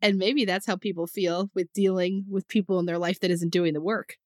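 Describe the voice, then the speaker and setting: A young woman with an East Coast accent and some vocal fry, co-hosting a casual podcast chat as a therapist, candid and swearing freely. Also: lowish voice, fairly even intonation, fairly quick, a little mellow, no echo, clean studio sound.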